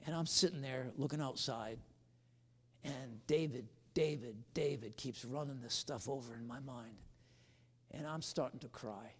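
A man's voice: medium pitch, moderate pace, breathy edge, big-room sound. A man preaching a sermon, telling a personal story with humor and turning to an earnest appeal.

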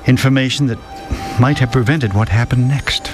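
A man's voice: mid-range voice, moderate pace, lightly acted. A man as an older storyteller over music. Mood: fond. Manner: storytelling, fond, with soft laughs. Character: older man telling a fond memory. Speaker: narrator recounting the story. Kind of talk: radio drama narration.

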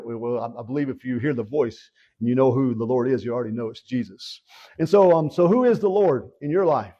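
A man's voice: medium pitch, fairly quick, slightly rough, lo-fi sound. A man preaching a sermon and leading a prayer, earnest and repetitive, asking his listeners questions again and again. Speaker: pastor.

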